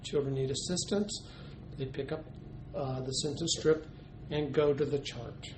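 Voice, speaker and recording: A man's voice: mid-range voice, steady tone, a little slow. A man giving an instructional demonstration of a classroom teaching method, explaining step by step with frequent ums and uhs. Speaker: teacher educator. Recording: noisy recording.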